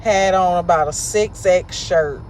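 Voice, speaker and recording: A woman vlog host telling the story of a bad date in a blunt, profane, animated way, recorded inside a car. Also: fairly low pitch, unhurried, background noise.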